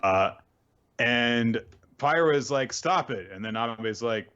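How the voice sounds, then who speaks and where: Brief: casual male host, mid-pitched, wry and profane, on slightly dull lo-fi audio. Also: slow pace, a bit bright, clear, resonant tone. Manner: offhand, profane, wry, lots of fillers. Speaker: host of a manga recap show. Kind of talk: casual recap commentary.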